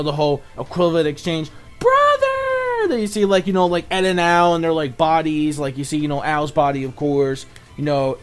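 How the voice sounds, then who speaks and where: Young dude ranting about a cartoon ep, lots of like and you know, kinda high voice, bit of music behind. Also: male voice. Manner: rambling, excitable, swears a lot, fills with "like" and "you know"; mock-shouts lines in high exasperated voice. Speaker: cartoon episode reviewer. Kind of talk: casual video review.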